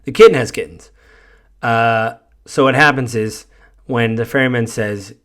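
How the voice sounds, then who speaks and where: A man hosts a podcast and talks through a game's story in a relaxed, rambling recap. He fills gaps with ums and loosely paraphrases what the characters say. His voice sits at an ordinary middle pitch for a man. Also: normal speed. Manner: rambling, lots of fillers and paraphrased quotes. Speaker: podcast host. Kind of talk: casual spoiler recap.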